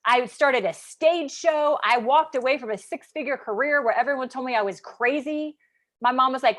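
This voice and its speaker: A woman in her thirties from Kansas, chatting animatedly on a livestream, full of "like" and quick asides as she tells a personal story. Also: high-pitched, a bit bright. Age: 30s. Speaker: business coach.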